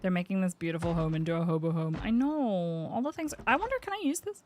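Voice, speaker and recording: A woman's voice: fairly low pitch, lively intonation, fast, darkish tone, slight background noise. A woman chatting through gameplay commentary as a streamer, talking to her game character and swearing casually.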